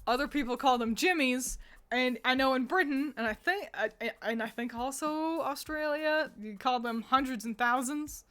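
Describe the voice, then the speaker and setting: A woman's voice: high-pitched, moderate pace, fairly bright tone. Giggly rambling young woman streamer. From United States. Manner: giggly, rambling, frequent laughter and restarts. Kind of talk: casual chat with chat readers.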